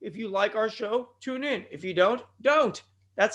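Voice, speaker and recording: Male podcast host, high-pitched voice, rambling and digressive, bursts of shouting, scratchy throat. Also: unhurried. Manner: digressive, with sudden loud outbursts. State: throat bothering him. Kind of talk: rambling solo podcast talk.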